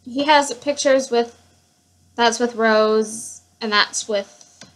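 A woman's voice: on the high side, fairly even intonation, slow. A woman giving casual gameplay commentary, gushing and rambling with many fillers as she shows her household. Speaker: gamer showing her household.

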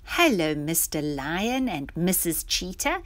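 A woman's voice: on the low side, sing-song, slow, a bit bright, full character voice. A woman voicing a small, curious little girl who greets animals with eager questions.

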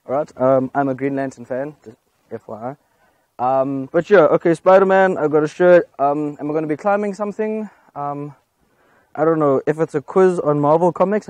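A man's voice: a little high, a little mellow, no echo. A young man hosting his vlog, joking and swearing nervously outdoors before a bungee jump. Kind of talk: casual vlog chat. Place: outdoors on a high platform in a city.

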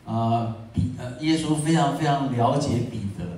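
A man's voice: mid-range voice, normal speed, darkish tone, far from the mic. Male sermon interpreter in a hall. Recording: echoey church hall, picked up from afar.

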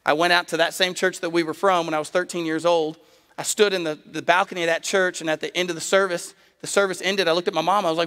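Man, pastor, sermon, fairly high voice, storytelling then emphatic, long church reverb. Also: steady tone, fast talker, a bit bright, clear, resonant tone. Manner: storytelling preacher, rising to emphatic appeals. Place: church sanctuary.

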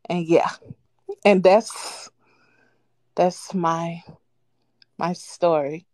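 A woman calling in to a live show, casually telling a childhood story with lively quoted voices and frequent laughs. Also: on the low side, very slow, no echo. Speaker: caller. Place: at home on a live call. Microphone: phone.

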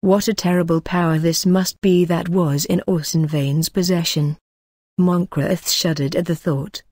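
A woman narrating a novel as an audiobook in a steady, measured reading. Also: lowish voice, dry recording, studio quality.

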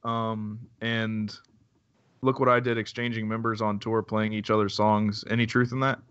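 A man's voice: lowish voice, normal speed, clear, resonant tone. A man hosting a casual interview, laid-back and swearing, laughing often. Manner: relaxed, profane, laughs often. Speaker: interview host. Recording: dull lo-fi recording.

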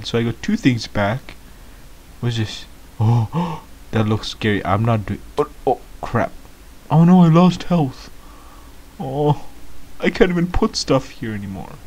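Slow-talking, whiny man playing a game. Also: medium pitch, a little mellow. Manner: whiny, easily startled, rambling with many ums. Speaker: gamer playing a clueless beginner. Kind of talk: comedic gameplay commentary.

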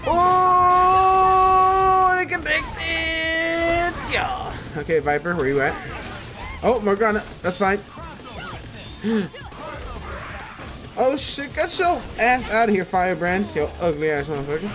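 A man giving casual, excitable commentary while playing a fighting game, gasping and laughing as he reacts. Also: sits high, measured pace, pauses often, music in the background. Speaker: let's player.

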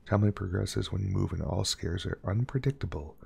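Gravelly low-voiced male streamer. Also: normal speed. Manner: jokey, reads on-screen text aloud, drops to a hush. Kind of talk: casual gameplay commentary.

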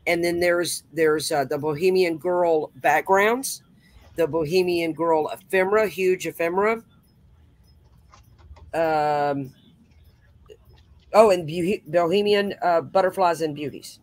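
A woman's voice: lowish voice, slow, pauses often, dry recording. Chatty woman hosting a craft stream. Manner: chatty, with folksy exclamations. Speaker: host. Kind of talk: casual crafting chat.

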